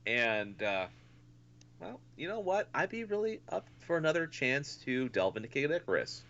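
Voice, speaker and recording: A man's voice: medium pitch, very animated, normal speed, fairly bright tone. A man co-hosting a podcast in casual chat, rambling with lots of "and stuff" fillers. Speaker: podcast co-host. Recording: dull lo-fi podcast audio.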